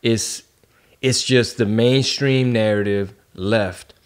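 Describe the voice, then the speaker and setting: Slangy, animated man. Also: on the low side, takes it slowly, clear, resonant tone. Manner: casual, slangy, animated when telling stories. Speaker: podcast host. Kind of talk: casual podcast chat.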